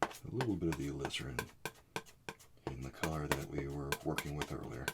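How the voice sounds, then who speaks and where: A man giving a soft-spoken oil painting lesson, muttering asides as he works. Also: a bass voice, steady tone, fairly quick, very noisy. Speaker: art teacher.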